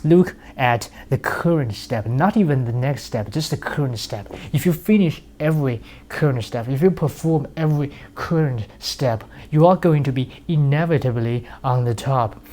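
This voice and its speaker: Blunt, hard-swearing man with a mellow voice. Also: mid-range voice, normal speed, few pauses. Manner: blunt, heavy swearing, acts out scenes. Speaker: speaker. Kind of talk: casual motivational monologue.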